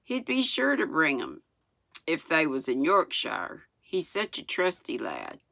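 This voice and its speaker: A woman's voice: deep voice, wildly swooping pitch, unhurried, vocal fry, sharp tone, dry recording, exaggerated voice. Woman reading as a chatty young Yorkshire maid. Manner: chatty, homely dialect.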